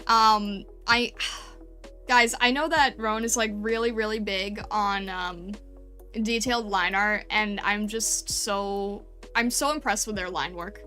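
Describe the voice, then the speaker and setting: A woman's voice: mid-range voice, steady tone, slow pace, sharp tone, soft background music. A woman streamer chatting casually and gushing over fan art, full of fillers and little laughs. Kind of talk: casual live-stream chat.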